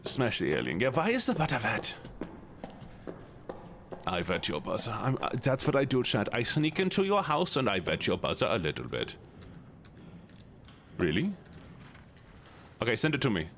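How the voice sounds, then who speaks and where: A man streaming a game and chatting casually with his viewers in a playful, goofy way, jumping into sudden high squeaky exclamations. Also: very animated, normal speed, long pauses, fairly bright tone. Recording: noticeable background noise.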